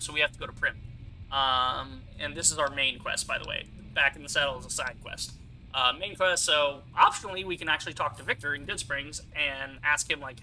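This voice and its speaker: Bright-voiced young man commentating a game. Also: fairly high pitch, low-quality recording. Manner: chatty, explains game mechanics with fillers and asides. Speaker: gaming streamer. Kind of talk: casual let's-play commentary.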